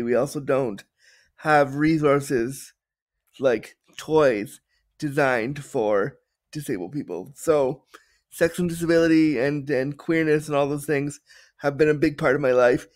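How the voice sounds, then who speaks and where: A man in his thirties from Canada, answering interview questions in an earnest, halting way with restarts. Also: medium pitch. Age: 30s. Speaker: guest, disability consultant.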